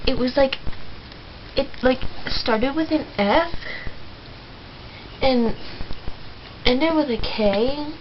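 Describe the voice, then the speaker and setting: A woman's voice: high-pitched, muffled recording, a little hiss or hum. A woman playing a naive, chatty fourteen-year-old girl in a character vlog, rambling and giggly, full of "like".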